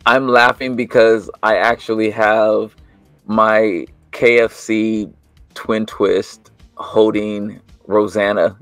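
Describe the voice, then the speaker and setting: A laid-back man co-hosts a casual chat, often stopping and restarting as he talks. His voice is low and gravelly, recorded dry and close. Faint music sits underneath. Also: little pitch movement, takes it slowly, no room sound. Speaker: co-host of a toy news show.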